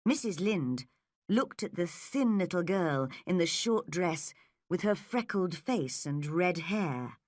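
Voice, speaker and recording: Slow, expressive woman storyteller. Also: on the low side, no echo, studio quality. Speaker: audiobook narrator. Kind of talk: graded reader narration for English learners.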